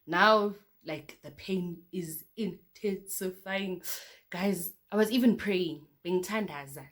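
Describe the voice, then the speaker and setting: A woman's voice: lowish voice, takes it slowly. A young woman with a South African accent telling a personal story to camera in a chatty, casual way, often calling out to her viewers. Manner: chatty, addresses viewers as guys, repeats "okay, cool" between beats. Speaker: vlogger.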